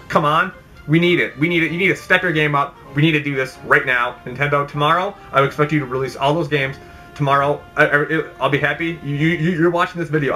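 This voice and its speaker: A young man rambles through an unscripted opinion vlog, exasperated and full of mock outrage. His voice is bright and a little high. Faint game music plays behind him. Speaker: YouTube channel host. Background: background game music.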